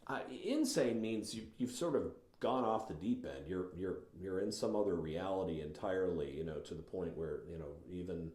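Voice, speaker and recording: A man teaching about writing in a thoughtful, relaxed lecture, savoring words and slowing down to read passages aloud with emphasis. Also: low voice, roomy sound. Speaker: writing instructor.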